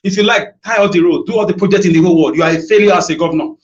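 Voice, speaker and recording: A man's voice: high-pitched, racing. A Nigerian man making an emotional, accusing public appeal, repeating phrases for force. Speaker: citizen addressing a governor in a video. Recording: dull lo-fi video audio.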